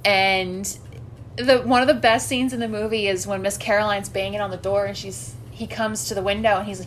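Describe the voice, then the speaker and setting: A woman's voice: medium pitch, steady tone, brisk, a little hiss or hum. A woman co-hosting a casual podcast, animatedly recapping a movie and swearing freely. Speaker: podcast co-host.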